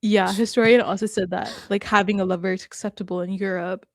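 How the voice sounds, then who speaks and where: A woman's voice: medium pitch, fairly even intonation, fast, vocal fry, no echo, clean studio sound. A woman hosting a casual reaction chat, talking with laughs and acting out quotes. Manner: chatty, laughs often, acts out quotes. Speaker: host.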